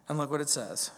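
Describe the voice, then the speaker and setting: A man preaching a verse-by-verse sermon in a conversational, animated way, building emphasis through repetition. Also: a little high. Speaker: pastor. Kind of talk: expository sermon. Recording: long hall reverb.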